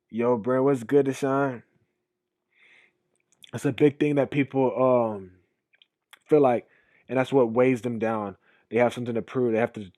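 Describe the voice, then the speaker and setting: A man's voice: mid-range voice, dry recording. Emphatic young man reacting on stream. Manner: emphatic, rambling, swings between loud and quiet. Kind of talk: casual reaction commentary.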